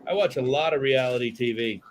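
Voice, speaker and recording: Speaking fairly quickly in a mid-range voice, this podcast host keeps things casual, rambling and cursing freely while restarting and using plenty of fillers. A little hiss or hum sits under the recording.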